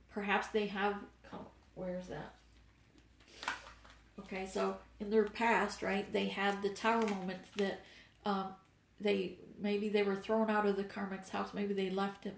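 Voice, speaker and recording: A woman's voice: mid-range voice, roomy sound. Stuffed-up woman giving a rambling reading. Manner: meandering, with fillers and soft laughs. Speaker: spiritual reader. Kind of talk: casual tarot reading monologue.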